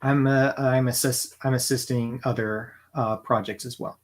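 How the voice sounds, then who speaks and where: A man co-hosting a podcast, talking in a dry, deadpan, measured way. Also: mid-range voice. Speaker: podcast co-host. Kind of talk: casual chat.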